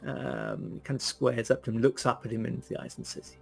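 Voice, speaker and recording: Gravelly, hesitant male game master. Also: medium pitch, steady tone, brisk, darkish tone, soft background music. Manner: hesitant, many ums. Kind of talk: narrating a tabletop game.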